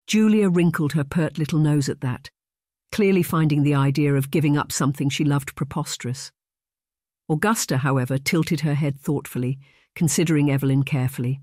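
A steady, even audiobook narrator reading a period romance. The voice sits in a middle register, and the recording is close and dry with no room sound. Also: mid-range voice, brisk, no room sound. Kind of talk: scripted narration.

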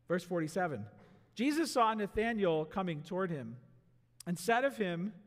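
Guy preaching, really animated, asks the church questions, echoey hall sound. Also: high-pitched, normal speed. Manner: animated, acts out voices and asks the crowd rhetorical questions. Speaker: pastor. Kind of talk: sermon. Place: church sanctuary. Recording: long hall reverb in a church.

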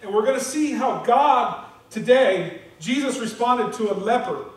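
A man's voice: very high voice, expressive, unhurried, a little hiss or hum. A man pastor giving an earnest, candid sermon with a personal testimony, often checking in with "okay?". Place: church sanctuary. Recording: echoey church from far off.

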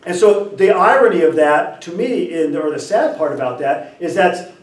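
A man lecturing and telling a story, acting out the dialogue, often clearing his throat. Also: fairly high pitch, moderate pace. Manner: animated, acts out dialogue, frequent throat clearing. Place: lecture room. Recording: roomy lecture hall from far off.

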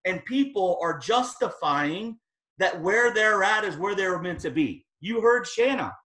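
A man giving an energetic motivational talk as guest speaker, telling his story with emphatic peaks. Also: sits high, a little slow. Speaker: guest speaker at team training. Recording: echoey room.

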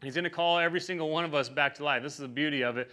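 Man, pastor, casual sermon, fairly high voice, bright and forceful tone, keeps asking "right?". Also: rapid-fire.

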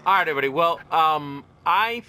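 A man's voice: on the high side, lively intonation, fairly quick, bright, forceful tone, a little hiss or hum. A man casually commenting on a game, laughing and joking as he plays. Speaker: gaming streamer.

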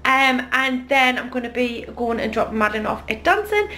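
Geordie mum chatting to her camera at home, kinda high voice, bit of background hiss. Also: sing-song, moderate pace, hardly any pauses, bright, forceful tone. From North East England. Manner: chatty, upbeat, talks to viewers as friends. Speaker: family vlogger, mum. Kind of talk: casual vlog chat to camera. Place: family home. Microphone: handheld camera.

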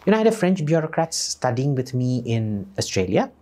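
A man's voice: medium pitch, very animated, brisk, darkish tone. A man, a podcast guest talking in a blunt, scornful and profane way. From India. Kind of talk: opinionated conversation.

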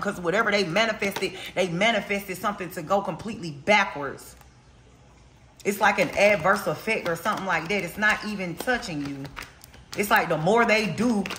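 Tarot reader, casual reading, blunt and profane, slangy, repeats for emphasis, bright tone. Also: mid-range voice, a little hiss or hum. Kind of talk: casual spiritual reading to camera. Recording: roomy echo.

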